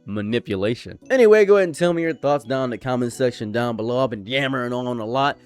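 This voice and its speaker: A man's voice: mid-range voice, expressive, quick pace, darkish tone, clean tone. A young man giving a frank commentary monologue to his viewers, often repeating points for emphasis. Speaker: commentary YouTuber.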